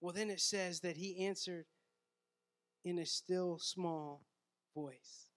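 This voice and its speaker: A high-pitched man preaches to his congregation as their pastor. He swings between booming scripture reading and quiet, intimate asides, and keeps checking in with casual "right?" and "man." It sounds like a dynamic, conversational sermon. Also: fairly even intonation, slow pace.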